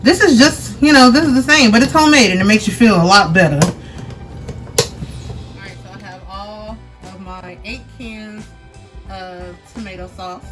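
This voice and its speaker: A woman's voice: mid-range voice, normal speed. A young woman hosting a casual cooking vlog from her home kitchen, chatting straight to her viewers with easy slang. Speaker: cooking vlogger. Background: background music.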